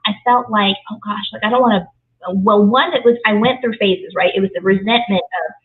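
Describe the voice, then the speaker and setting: A woman's voice: mid-range voice, brisk. A woman hosting a conversation, affirming her guest often and sharing her own reflections in a casual way. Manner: affirming, frequent yeses, reflective. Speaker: host. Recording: tinny phone-like line.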